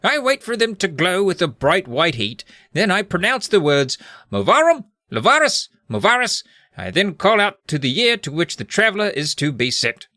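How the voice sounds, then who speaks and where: A man's voice: high-pitched, sing-song, moderate pace, pushed and bright, dry recording, clean studio sound, pitched above the performer's own voice, full character voice. A man voicing a sorrowful old male wizard in a put-on British accent, lofty and theatrical with a shaky voice.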